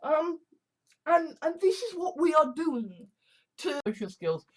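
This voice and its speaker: Animated swearing woman. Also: high voice, takes it slowly. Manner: frequently swearing, rambling with restarts. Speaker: online commentator. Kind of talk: casual rambling monologue.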